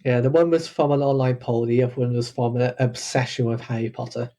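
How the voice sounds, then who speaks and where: A man co-hosting a geeky podcast, soft-spoken and self-deprecating, giggling often. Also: medium pitch, little pitch movement, a little fast. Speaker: podcast co-host. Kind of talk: casual chat.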